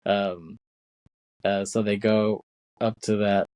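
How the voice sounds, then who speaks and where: A man's voice: lowish voice, level tone, slow pace, darkish tone, clean tone, no room sound. A man co-hosting a podcast, retelling a film's scenes in a rambling casual way, with many fillers and acted-out quotes. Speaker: podcast co-host. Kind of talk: casual film recap chat.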